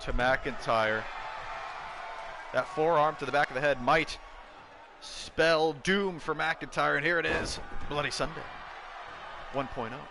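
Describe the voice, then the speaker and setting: Excitable man calling wrestling play-by-play. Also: fairly high pitch, measured pace, creaky, long pauses, background noise. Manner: excitable, bursts into shouts at big moves. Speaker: wrestling game commentator. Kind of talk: play-by-play commentary of a video game.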